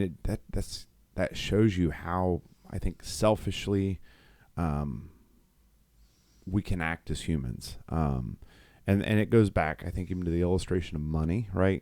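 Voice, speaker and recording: A man's voice: sits low, a little slow, dark tone. A middle-aged man co-hosting a podcast, telling a rambling faith story with many fillers and restarts. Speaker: podcast co-host. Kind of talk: casual faith talk.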